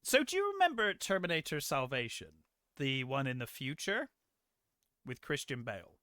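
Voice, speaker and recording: A man's voice: medium pitch, huge pitch swings, normal speed, sharp tone, smooth, dry recording, clean studio sound. A man co-hosting a film review podcast, rambling and sarcastic, swearing freely in casual chat. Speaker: podcast co-host.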